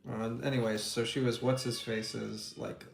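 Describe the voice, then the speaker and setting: A man talks casually as he paints miniatures, rambling from one joke to the next and laughing easily. His voice has a gravelly, creaky edge. The sound comes from a roomy, echoing space with a faint hiss behind it. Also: medium pitch, flat delivery, a little slow. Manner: jokey and rambling, laughs often. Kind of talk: casual chat. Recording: echoey room with faint noise.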